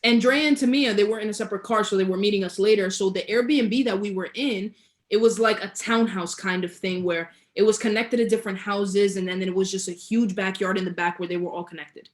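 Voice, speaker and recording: A woman's voice: medium pitch, steady tone, a little fast. A young woman, a guest entrepreneur, telling a story in a casual interview, laughing often and stretching key words. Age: young adult.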